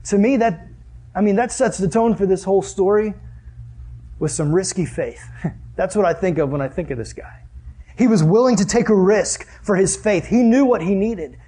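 A young man preaches with a slightly husky, fairly high voice. His tone is earnest and conversational, and he poses rhetorical questions to the congregation. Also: normal speed, mellow. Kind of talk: sermon.

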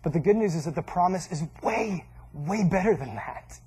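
A man's voice: high-pitched, lively intonation, moderate pace, a little mellow, husky. A man preaching a casual sermon, conversational and joking, often quoting people in voices. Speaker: pastor.

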